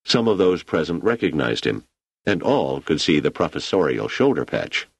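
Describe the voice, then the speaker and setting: A man reading a story aloud in a steady, measured voice as an audiobook narrator, recorded on a close microphone. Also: a bass voice, vocal fry, slightly rough, no room sound. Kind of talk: scripted narration.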